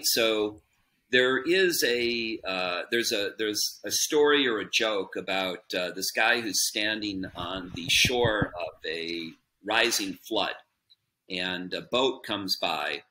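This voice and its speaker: A man with a slightly low, forceful voice answering interview questions in an earnest, conversational way. He explains his points patiently and often checks in with a quick "right?" His speech is loose and unscripted, with plenty of ums and uhs. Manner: earnest, explanatory, with frequent fillers and tag "right?". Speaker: podcast guest, business chairman.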